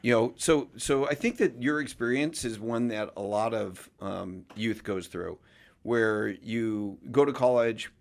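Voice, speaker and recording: A man's voice: on the low side, a little slow, vocal fry. A man hosting a casual interview podcast, giving advice in long, reflective sentences. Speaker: podcast host.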